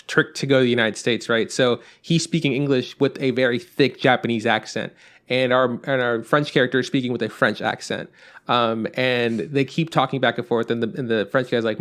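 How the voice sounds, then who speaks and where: A man's voice: mid-range voice, steady tone, brisk, a bit bright. A man co-hosting a podcast, rambling in casual chat, acting out quotes and swearing now and then. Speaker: podcast co-host.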